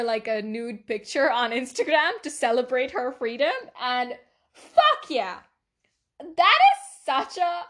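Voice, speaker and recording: High-voiced and a bit bright, this teenage podcast host chats casually on her solo show. Laughter comes often, and so does heavy swearing.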